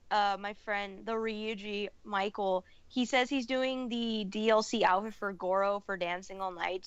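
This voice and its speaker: A young woman co-hosting a podcast, with a smooth, clear voice. The sound is dry and slightly dull, with no room around it. She tells stories eagerly and chimes in with quick agreement. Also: medium pitch, a bit bright, no room sound. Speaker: podcast co-host. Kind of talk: casual podcast chat.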